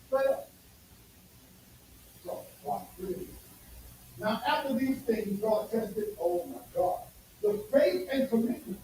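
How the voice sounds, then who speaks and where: A man preaching a sermon, talking emphatically with loud bursts and sudden drops to near quiet. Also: very high voice, lively intonation, takes it slowly, long pauses. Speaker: pastor. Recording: echoey room from far off, faint noise.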